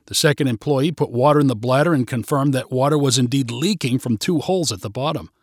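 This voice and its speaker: A man narrating a short story in a clear, steady storytelling voice. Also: mid-range voice, fast, no echo, studio quality.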